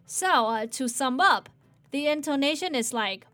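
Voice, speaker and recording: A woman hosting a casual English lesson, playful and animated, modeling sentences slowly and repeating them. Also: high-pitched. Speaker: English teacher.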